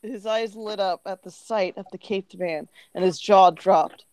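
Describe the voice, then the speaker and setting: A woman's voice: medium pitch, unhurried, darkish tone. A woman co-hosting a podcast, reading crude fan fiction aloud for laughs and giggling through it. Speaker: podcast co-host.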